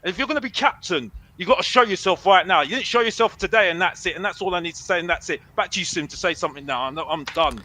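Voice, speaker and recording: A man's voice: high voice, fast, few pauses, bright, forceful tone, a little hiss or hum, rough recording. A young man, calling into a football fan show, ranting defiantly and repeating himself, dropping "bruv" a lot. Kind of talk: heated fan rant.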